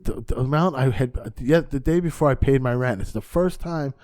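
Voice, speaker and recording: Male stand-up comic, podcast guest, animated storyteller, average pitch, loose and profane. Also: fairly quick. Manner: animated, acts out dialogue, casual swearing.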